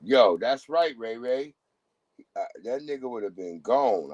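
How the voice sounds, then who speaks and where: A man's voice: medium pitch, lively intonation, measured pace, a little mellow, no room sound, lo-fi sound. A man hosting a livestream who talks in casual, profane commentary and acts out the voices of people he quotes. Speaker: livestream host.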